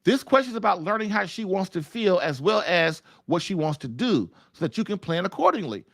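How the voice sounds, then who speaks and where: A man's voice: sits high, very animated, a little fast, vocal fry, a bit bright, no echo. A man hosting a call-in marriage advice show, coaching listeners in an emphatic, folksy way and repeating himself often. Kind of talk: animated advice monologue.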